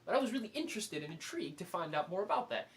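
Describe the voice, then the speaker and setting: Brief: excitable male movie reviewer, higher voice, chatty, acts out his reactions. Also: very fast. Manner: animated, filler-heavy, acts out his own reactions. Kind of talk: casual spoken movie review.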